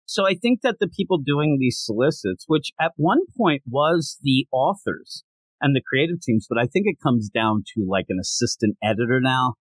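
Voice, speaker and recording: A man's voice: medium pitch, big pitch swings, normal speed, husky, dry recording. A man hosting a comic book show, giving casual, jokey commentary full of digressions and chatty asides. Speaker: comic book reviewer and podcast host.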